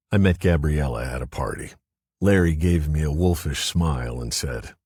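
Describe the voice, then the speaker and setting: A man reading a first-person mystery audiobook in a low, subdued way. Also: expressive, normal speed, a little mellow, breathy edge, no echo, studio quality. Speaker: audiobook narrator. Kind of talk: scripted first-person narration.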